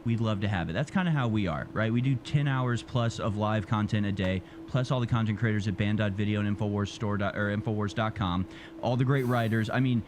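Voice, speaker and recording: A man co-hosting a talk show, speaking in an easygoing, slightly halting way. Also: on the low side, background noise. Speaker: co-host. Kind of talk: casual on-air talk.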